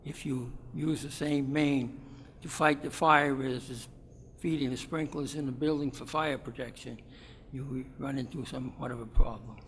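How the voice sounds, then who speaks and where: Man giving a halting public comment. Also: mid-range voice, fairly even intonation, a bit bright, slight background noise. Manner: halting, explanatory, with fillers. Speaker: resident speaking at town meeting. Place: town meeting hall. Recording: long hall reverb.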